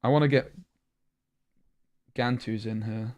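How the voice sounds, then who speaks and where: A young British man streams a card game, thinking aloud chattily while tired from a long session. His voice is fairly low, steady, a little mellow, and he takes it slowly.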